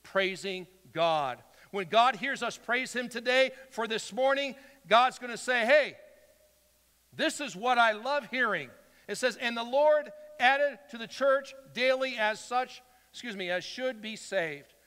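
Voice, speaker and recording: A man preaching with a high, bright voice that rings through a church sanctuary. He swings between loud, urgent exhortation and quiet, confiding asides, and acts out little quotes. A long reverb trails each phrase. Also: unhurried, few pauses, smooth. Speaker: pastor. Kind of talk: sermon.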